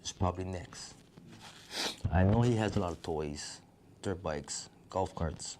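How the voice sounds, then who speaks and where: A man's voice: sits low, unhurried, mellow, slight background noise. A middle-aged man, telling a survivor's story in a vivid present-tense retelling that acts out what people said. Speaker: wildfire survivor. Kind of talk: personal storytelling.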